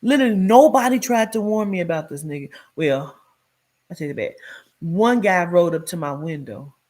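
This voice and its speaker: A woman telling her own life story in a blunt, profane way, with many "like" fillers, swinging between loud emphasis and hushed tones. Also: lowish voice, animated, moderate pace. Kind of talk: candid personal storytelling.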